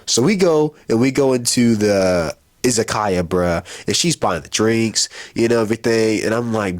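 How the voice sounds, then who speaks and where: A young man casually telling a personal story on his vlog, slangy and animated, laughing as he goes. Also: fairly low pitch, unhurried, hardly any pauses. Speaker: vlogger.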